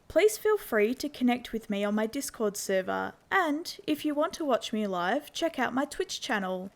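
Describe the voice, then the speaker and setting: A woman narrating a horror story as journal entries in a steady, measured reading. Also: on the high side. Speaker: narrator and channel host.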